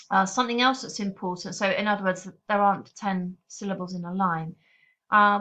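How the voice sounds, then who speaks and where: A woman teacher giving a recorded poetry lesson over slides, explaining in a clear, steady, patient way. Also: mid-range voice. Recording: slightly dull lo-fi audio.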